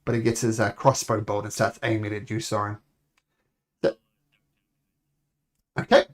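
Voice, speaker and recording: A man's voice: fairly low pitch, flat delivery, moderate pace. A man narrating as game master, rambling along with self-corrections.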